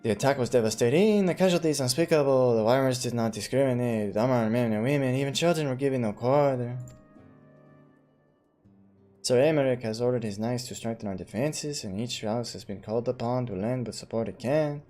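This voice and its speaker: A man reads out a stately old count with a dark, mellow voice. The speech is formal and measured, with a touch of ceremony. Soft game music sits underneath. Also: medium pitch, lightly acted. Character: stately older male count, grave host.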